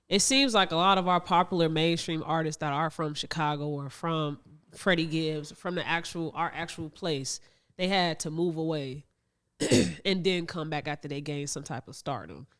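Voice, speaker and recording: A woman from Northwest Indiana hosting a podcast, asking interview questions in a steady, measured way. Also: sits low, clean tone. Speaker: podcast host.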